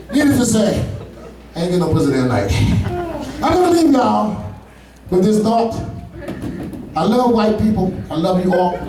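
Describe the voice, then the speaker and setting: A man doing a stand-up comedy set, telling loose, profane stories with asides to the audience. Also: sits high. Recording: echoey room, far from mic.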